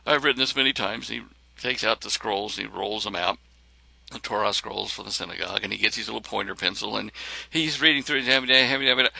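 Gravelly man telling an animated story. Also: medium pitch, brisk, no echo. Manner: animated, acts out other people's lines. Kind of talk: personal storytelling.

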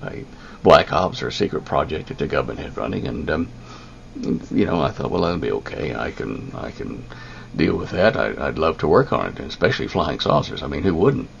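An older man telling a long personal story, halting, with many ums and restarts. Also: extremely low pitch, lively intonation, gravelly, highs cut off, slight background noise. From United States. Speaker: interviewee.

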